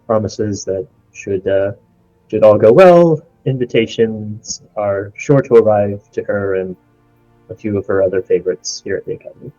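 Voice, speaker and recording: A man's voice: on the low side, normal speed, warm tone, soft background music. A man playing a tabletop game, joking and offhand. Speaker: player. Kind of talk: casual tabletop play. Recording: dull dry lo-fi recording.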